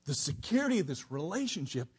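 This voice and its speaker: Animated husky-voiced male preacher. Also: a little high, fast talker. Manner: animated, swings from soft to near-shouting for emphasis. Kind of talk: expository sermon.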